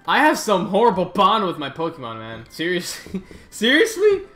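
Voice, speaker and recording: A man's voice sits high as he hosts his gaming channel with rambling, casual commentary on the gameplay. Excitable, he's quick to groan and swear at the game, with faint music behind.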